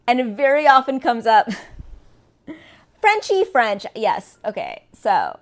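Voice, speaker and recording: A woman with a fairly high voice chats on a live stream, rambling and playful. She sounds a little tipsy and hums bits of tunes between her thoughts. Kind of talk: casual live-stream chat.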